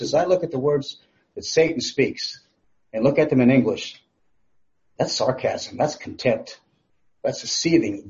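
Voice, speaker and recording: A man's voice: medium pitch, darkish tone, dull audio. A man preaching a Bible sermon in a conversational way, asking the listeners questions and making small jokes. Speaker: pastor.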